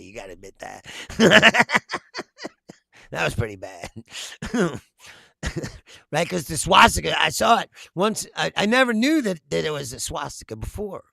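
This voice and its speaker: A man with a very gravelly, bright, somewhat high voice hosts an off-the-cuff political comedy chat, reading out viewer comments. He swears freely and breaks into laughter between animated rants. The sound is close and dry, with no room echo.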